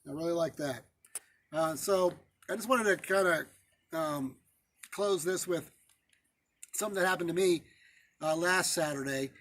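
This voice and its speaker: High-voiced pastor telling a story. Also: male voice, slight background noise. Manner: conversational, halting, many fillers and restarts. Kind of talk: sermon with a personal story.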